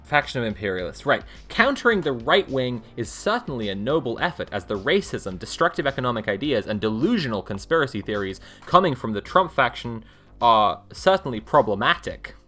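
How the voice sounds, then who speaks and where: Live-streaming with soft music behind her, a woman with a very deep yet fairly bright voice reads a book aloud in a brisk, sing-song way. She keeps breaking off into sarcastic, rambling asides between passages.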